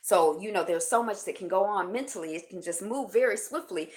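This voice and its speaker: A woman's voice: medium pitch, fairly quick. A woman hosting a live stream indoors at home, reading short passages aloud and stopping to muse and chat with viewers. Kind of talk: casual reflective reading and chat. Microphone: built-in camera mic.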